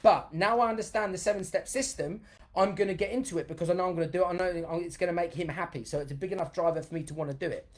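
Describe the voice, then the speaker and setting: A man with a high-sitting voice and rapid-fire delivery hosts a live-streamed motivational workshop as a dance educator. Chatty and energetic, he reads viewer comments aloud as he goes and bursts into loud cheers for emphasis.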